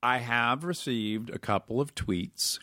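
A man chatting as a podcast guest, joking in a dry, deadpan way. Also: medium pitch, a little slow, no echo. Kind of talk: casual chat.

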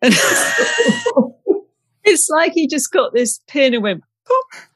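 A woman's voice: high-pitched, wildly swooping pitch, drawn-out words, no room sound. Chatty woman telling stories. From England. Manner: chatty, anecdotal, laughs often. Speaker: interview guest. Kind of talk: storytelling in a conversation.

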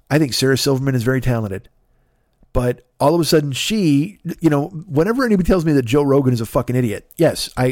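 Host type: male comic, ranting and sarcastic, slightly high-pitched, dry recording. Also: darkish tone, no echo. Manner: ranting, sarcastic, acts out voices of others. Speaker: podcast host. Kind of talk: profane comedic monologue.

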